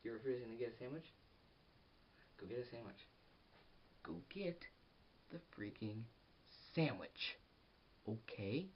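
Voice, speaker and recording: Reviewing a movie, a teen boy rambles with excitement, losing track and starting his sentences over. He talks at a measured pace with long pauses in a mid-range voice. He sits far from the microphone, and the dull, lo-fi recording carries a faint hiss.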